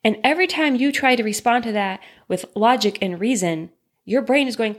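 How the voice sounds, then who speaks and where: Earnest woman explaining gently. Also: fairly high pitch, fairly quick. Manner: earnest, reassuring, rhetorical questions. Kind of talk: direct-to-listener talk on trauma.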